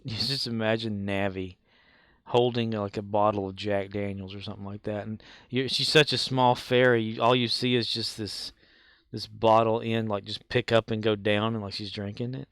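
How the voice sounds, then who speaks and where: A man's voice: fairly low pitch, fairly even intonation, normal speed, a bit bright, no room sound. A man streaming a video game, chatting casually with viewers in a rambling, joking way. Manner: rambling, joking, sleepy asides. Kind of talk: casual chat.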